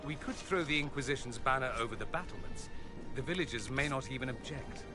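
A wry male mage companion, played by a man in a video game, proposing ideas in a dry, suggestive tone. Loud game music runs underneath. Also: mid-range voice, expressive, fairly quick, close to an everyday voice.

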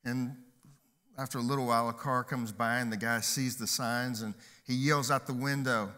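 Male pastor, sermon, bright forceful voice, upbeat and joking, long hall reverb. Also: mid-range voice, steady tone, normal speed. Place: church stage.

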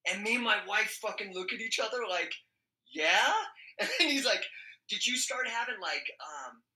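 A man's voice: sits high, normal speed. A middle-aged man telling a story in casual talk, swearing constantly and laughing as he goes. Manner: profane, animated, laughs often. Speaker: podcast guest. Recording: roomy echo.

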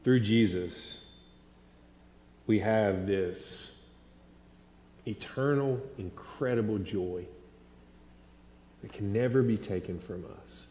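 A man in his thirties preaching a sermon, telling stories with animated swings between loud and hushed delivery. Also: lowish voice, takes it slowly, pauses often, slight background noise. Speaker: pastor. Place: large church sanctuary. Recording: echoey hall with long reverb.

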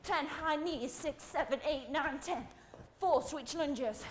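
A woman's voice: high voice, slow pace, a little hiss or hum. A woman leading a workout as fitness instructor, breathless, counting reps and pushing the listener hard, wearing a clip-on mic. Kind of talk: workout coaching.

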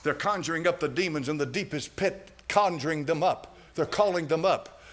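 Delivering his sermon at a moderate pace, this pastor is fiery and dramatic, moving from loud cries to low asides with chuckles mixed in.

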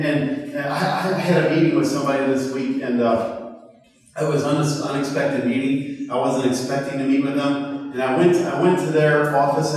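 A man preaching a sermon in a conversational, halting way, repeating words and asking the crowd questions. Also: fairly high pitch. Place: church hall. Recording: roomy hall from far off.

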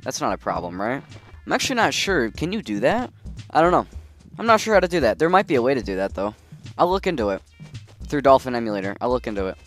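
A relaxed man of middle pitch talks through a game he is playing. He muses out loud and reacts as things happen. The tone stays easy and chatty. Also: fast talker, faint music behind. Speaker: gaming video host. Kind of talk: casual gameplay commentary.

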